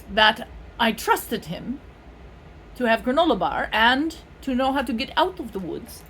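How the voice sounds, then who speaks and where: A woman's voice: on the high side, animated, moderate pace, a bit bright, slight background noise. A middle-aged woman from California giving a casual tarot reading, playful and rambling with frequent laughs. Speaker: tarot reader.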